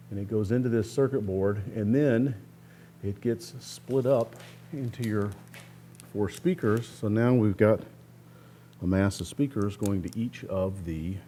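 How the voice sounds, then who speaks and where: Working in his workshop, a man who runs a guitar restoration channel explains his project step by step in a relaxed, plain manner. His voice sits on the low side, and a little hiss or hum is audible.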